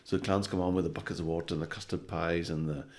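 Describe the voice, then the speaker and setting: A man telling jokes in a casual podcast chat, sweary and animated, often tagging lines with "right?". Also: low voice, fast. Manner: animated storytelling, sweary, with frequent "right?" tags. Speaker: comedian guest.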